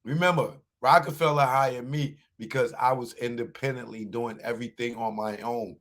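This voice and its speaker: A man hosting a livestream, taunting a viewer in chat with drawn-out mocking questions and laughter. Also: medium pitch, fairly even intonation, a bit bright. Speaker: livestream host.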